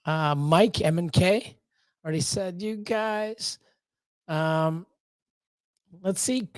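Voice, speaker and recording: The livestream host speaks slowly in a high-sitting voice, pausing often as he welcomes each chat viewer individually. His talk is rambling and loose, heavy on fillers, and the recording has no room sound.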